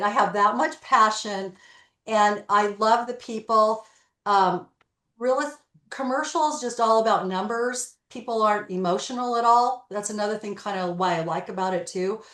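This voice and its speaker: A real estate broker, interviewed as a guest, tells stories in a medium-pitched voice with reverberation around her. She's lively and acts out the conversations in her stories.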